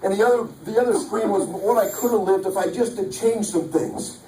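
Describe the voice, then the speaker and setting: A motivational speaker talks a little fast in a high-pitched voice with a dark tone, and a little hiss or hum is audible. His preacher-like sales talk to a live audience is punchy and jokey, recorded from afar in an echoey large hall.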